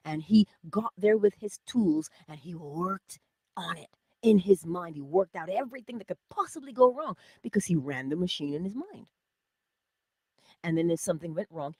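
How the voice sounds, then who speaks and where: A middle-aged woman hosting a spiritual self-help livestream, talking casually and animatedly, jumping from loud exclamations to whispers. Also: medium pitch, husky, no room sound. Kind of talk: casual motivational talk.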